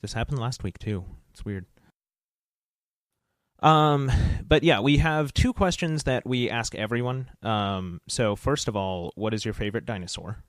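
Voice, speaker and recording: A man's voice: medium pitch, unhurried, no room sound. A man co-hosting a podcast, reading listener questions in an easygoing way. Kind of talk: casual podcast chat.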